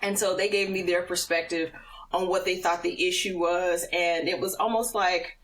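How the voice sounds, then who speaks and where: A middle-aged woman telling a personal faith story as a podcast guest, animated and often laughing. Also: lowish voice, moderate pace, distant mic, rough recording. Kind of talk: personal testimony in casual conversation.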